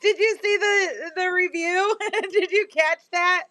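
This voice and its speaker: A woman's voice: extremely high pitch, steady tone, takes it slowly, pushed and bright, no echo. A woman hosting a casual live-stream sale from home. She is chatty, laughs a lot, and talks to both her viewers and her pet. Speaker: live-stream seller and host.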